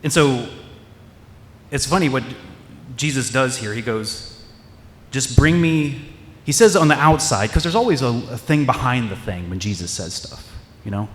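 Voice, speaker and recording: A man's voice: mid-range voice, lively intonation, normal speed, long pauses. A man preaching a sermon as pastor, in a loose, conversational way, acting out quoted voices and restarting his sentences often. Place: church sanctuary. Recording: echoey hall with long reverb.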